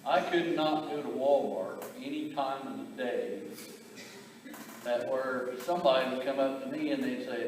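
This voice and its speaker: A man giving a eulogy for his brother, telling family stories in a halting way, repeating words and chuckling. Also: medium pitch, a crowd in the background. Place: memorial gathering in a large hall. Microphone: distant camera. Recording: echoey hall from far off.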